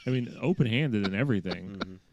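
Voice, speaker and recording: A man's voice: on the low side, lively intonation, a little fast, muffled recording, noisy background. A man on a casual podcast, reading a news story aloud in a mock-serious delivery that keeps slipping into laughter.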